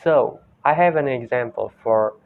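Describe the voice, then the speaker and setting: Young man, Indonesian accent, student presenter, slow careful delivery, phone-like audio. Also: medium pitch, creaky, slight background noise. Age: young adult. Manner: slow, repeats each example word several times. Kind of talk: classroom presentation comparing accents. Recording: tinny phone-like sound.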